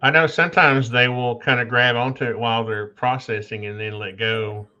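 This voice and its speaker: A male host with a bright, sharp voice chats in an easygoing, helpful way. His sound comes through a muffled, dull call line, as if heard over a remote connection. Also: mid-range voice, fairly even intonation, normal speed. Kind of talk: casual chat.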